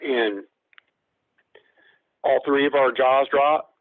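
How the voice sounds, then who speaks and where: A man's voice: mid-range voice, steady tone, extremely slow, dry recording, poor audio. A man telling a long personal encounter story as a guest caller, rambling, with fillers and acted-out quotes.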